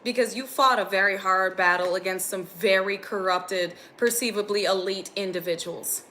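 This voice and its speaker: Bright-voiced woman giving a spiritual reading. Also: medium pitch, steady tone, moderate pace, a little hiss or hum. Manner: earnest, intense, gets emotional. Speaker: spiritual reader.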